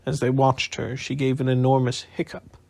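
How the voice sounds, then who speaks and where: A man reading an audiobook aloud in a calm, unhurried bedtime style. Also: medium pitch, gravelly. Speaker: audiobook narrator.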